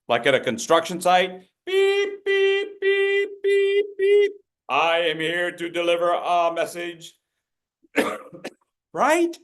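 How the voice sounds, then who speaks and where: A man leading an interactive public speaking workshop over a video call, coaching participants by name and acting out gestures with playful voices. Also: high voice.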